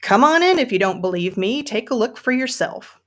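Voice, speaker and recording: A woman's voice: fairly high pitch, expressive, normal speed, voice pushed up, natural voice. A woman reading aloud from a novel and voicing a tipsy, defiant middle-aged woman in a Southern US accent, with slightly slurred, blunt speech. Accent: Southern US, put on.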